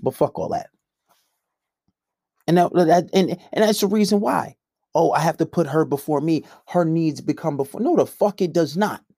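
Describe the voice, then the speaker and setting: A male coach in a blunt, combative rant, swearing constantly. His voice is dark and mellow. The sound is dry and close. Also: fairly high pitch, no echo. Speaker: men's coach. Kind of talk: profane ranting monologue.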